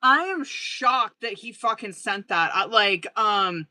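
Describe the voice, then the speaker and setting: Excitable, foul-mouthed woman tarot reader. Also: mid-range voice, slow pace, rough recording. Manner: excitable, heavy swearing, talks straight to a viewer. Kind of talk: live-stream tarot reading.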